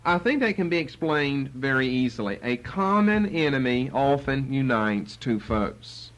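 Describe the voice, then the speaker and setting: A man's voice: medium pitch, unhurried, rough recording. A man teaching the Bible verse by verse, acting out the quotes with sarcasm. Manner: animated, acts out quotes with sarcasm.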